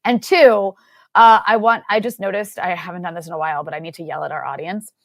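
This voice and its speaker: A woman's voice: lowish voice, fairly even intonation, fast, vocal fry, no echo. Playful female co-host, dry sound. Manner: playful, mock-scolding, chatty. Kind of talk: political talk show.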